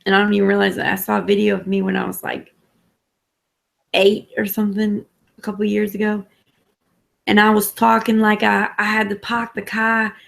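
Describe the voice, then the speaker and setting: Woman, gravelly fry throughout, blunt rambling chatter, swears a lot, casual call. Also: medium pitch, flat delivery, normal speed, long pauses. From Massachusetts. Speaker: chat participant. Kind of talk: casual late-night group chat.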